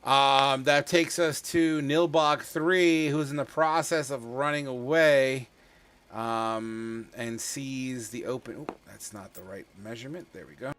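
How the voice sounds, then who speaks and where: Man, game master, bright voice, casual, joking, swearing, tabletop game. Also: medium pitch, unhurried. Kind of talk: running a tabletop game over voice chat.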